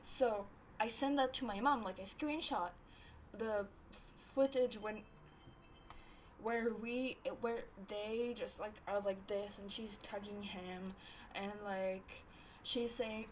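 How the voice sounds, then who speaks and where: A woman of about twenty telling a story in a casual vlog, ranting in an animated way and swearing a lot. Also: mid-range voice, slow, long pauses, a little hiss or hum, poor audio. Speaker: vlogger.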